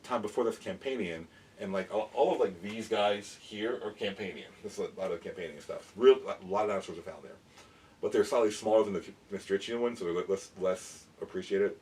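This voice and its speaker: A man eagerly explaining dinosaurs in a casual show-and-tell, rambling with quick restarts as he holds up figures. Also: lowish voice, darkish tone. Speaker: dinosaur educator and toy collector. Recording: mic at a distance, faint background noise.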